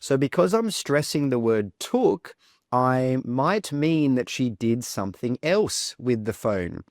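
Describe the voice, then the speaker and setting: A man teaching an English speaking lesson in a clear, deliberate way, modelling words as examples. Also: medium pitch, sing-song, no room sound, studio quality. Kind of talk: instructional video lesson.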